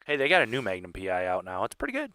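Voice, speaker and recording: A man co-hosting a casual podcast, cracking jokes and quick asides. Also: on the low side, huge pitch swings, sharp tone, clean tone, no echo. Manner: joking banter, quick asides. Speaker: podcast co-host. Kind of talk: casual chat.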